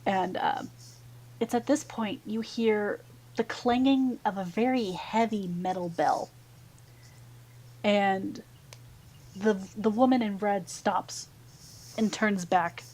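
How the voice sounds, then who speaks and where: A woman narrating a tabletop fantasy game as game master, relaxed with many fillers. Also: medium pitch, takes it slowly, pauses often, rough recording.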